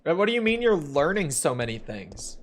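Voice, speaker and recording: A man's voice: a little high, big pitch swings, a little fast. A man streaming a game, chatting casually and laid-back with viewers. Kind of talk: casual chat while playing a game.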